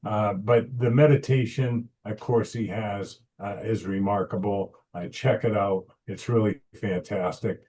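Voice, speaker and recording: A man hosting an interview, upbeat and affirming, moving through quick questions. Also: on the low side, fairly even intonation, darkish tone, a little hiss or hum. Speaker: host.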